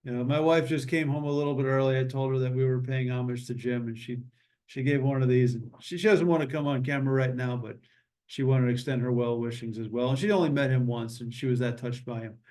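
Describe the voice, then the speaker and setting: A man hosting an online memorial meeting over a video call, talking in a relaxed, joking and meandering way. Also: medium pitch, fast talker. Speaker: meeting host. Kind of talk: casual memorial meeting chat.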